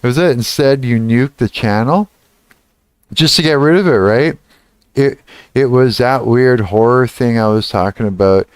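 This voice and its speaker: A middle-aged man answers his livestream chat in a loose, profane ramble, trailing off mid-thought and then restarting, and he laughs and rises in pitch when retelling something that angered him. His smooth, resonant voice moves at a measured pace. The recording is close and dry, with no room sound at all.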